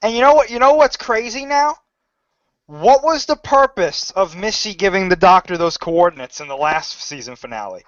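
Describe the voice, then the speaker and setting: High-pitched guy on a podcast, fast and emphatic, dry lo-fi sound. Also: animated, no echo. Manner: quick, emphatic explaining. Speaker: podcast co-host. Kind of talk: fan podcast discussion.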